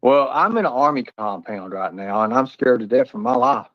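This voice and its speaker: A man's voice: medium pitch, expressive, normal speed, dry recording. A man co-hosting a casual livestream chat, rambling and often stammering and restarting. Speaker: livestream co-host. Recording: dull lo-fi stream audio.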